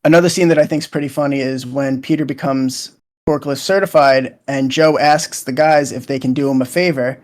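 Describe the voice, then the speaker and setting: A young man chatting casually as a co-host, retelling scenes in a loose, rambling way with lots of fillers. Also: mid-range voice. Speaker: show co-host.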